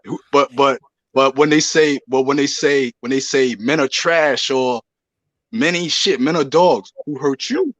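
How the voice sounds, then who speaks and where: A man's voice: medium pitch, unhurried, a bit bright, no room sound, rough recording. A man speaking emphatically on a live podcast discussion, often checking whether listeners follow him. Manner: emphatic, keeps asking "you see what I'm saying". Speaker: show regular.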